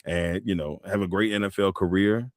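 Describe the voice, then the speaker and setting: A man hosting an interview, talking in a relaxed casual way with many fillers. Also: sits low, moderate pace, no room sound, studio quality. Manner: relaxed, many "you know" fillers, brief reactions. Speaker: interview host.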